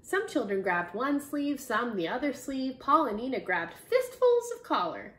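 A woman reading a picture book aloud to children in an expressive way, stopping to ask her listeners questions. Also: high voice, unhurried. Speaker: storybook reader.

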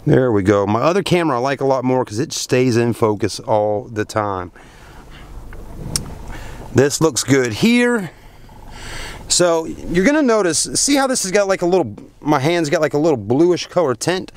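A man's voice: medium pitch, sing-song, moderate pace, a little hiss or hum. Folksy man reviewing a car. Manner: chatty, folksy, addresses viewers as folks. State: hot and tired after a long day. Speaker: car reviewer filming at a dealership. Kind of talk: casual walkaround car review. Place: outdoors at a car dealership at night, then inside a car.

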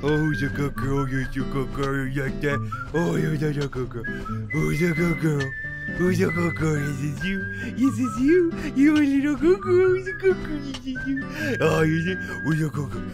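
A man's voice: on the high side, animated, moderate pace, over loud music. A man playing a doting owner who gushes baby talk at a puppy in a sing-song voice.

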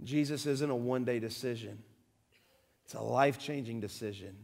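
A man preaching a church sermon, full of rhetorical questions, swinging between loud emphasis and quiet, low-key appeals. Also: moderate pace, creaky. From southern United States. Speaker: pastor. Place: church sanctuary.

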